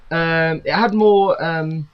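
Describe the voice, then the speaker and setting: A man's voice: fairly high pitch, steady tone, slow pace, dull audio, crowd noise. A young man co-hosting a podcast, chatting casually and laughing a lot through jokey banter. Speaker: podcast co-host. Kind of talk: casual chat.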